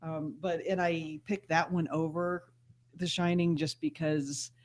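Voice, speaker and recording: A woman's voice: sits low, fairly even intonation, a little slow, a little mellow. A woman talks casually as a podcast co-host. She is chatty and laughs often, dropping playful asides as she goes. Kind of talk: casual chat.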